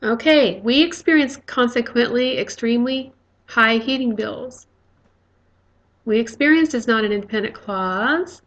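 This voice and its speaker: A woman delivers a recorded grammar lecture in a slightly high voice. She explains patiently and step by step, often pausing on "okay" and "uh" as she goes. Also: fairly bright tone, lo-fi sound. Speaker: teacher.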